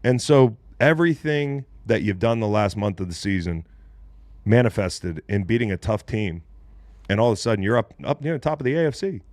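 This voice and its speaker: A man hosting a casual sports talk show, animated and loose, with plenty of slang and the odd swear. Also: lowish voice, a little fast, no room sound. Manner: animated, swears casually, says "bro" and "dude". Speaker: podcast host, former NFL player.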